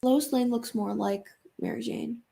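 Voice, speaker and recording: A young girl with a fairly high voice talks casually about movies with her father. She chimes in quickly with short reactions and opinions. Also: steady tone, creaky, mellow. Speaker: daughter, co-reviewer. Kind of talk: casual chat.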